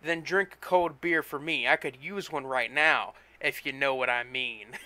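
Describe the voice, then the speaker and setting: A man reading a story, voicing a gruff, dismissive office coworker in a bad mood. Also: mid-range voice, a little slow, sharp tone, no room sound. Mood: grumpy. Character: grumpy, sour male office coworker.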